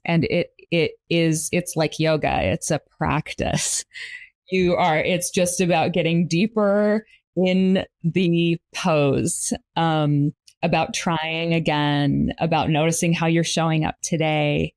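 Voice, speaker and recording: Middle-aged woman therapist, lowish voice, calm and explaining, dry close sound. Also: no room sound. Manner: calm, explanatory, with soft filler pauses. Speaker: marriage and family therapist, guest. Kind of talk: casual interview talk.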